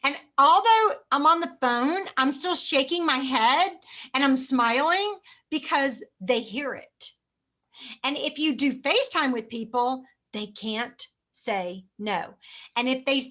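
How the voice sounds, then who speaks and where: A middle-aged woman giving a chatty, self-mocking motivational sales training talk, acting out phone pitches. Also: animated, unhurried, sharp tone.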